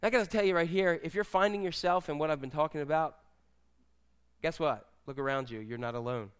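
Pastor, man, high voice, smooth, chatty joking sermon. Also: fairly quick. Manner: conversational, jokey, animated storytelling.

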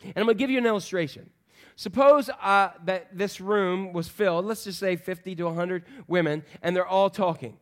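A man in his fifties preaching a sermon as pastor, conversational and animated, acting out quoted voices. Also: sits high, normal speed.

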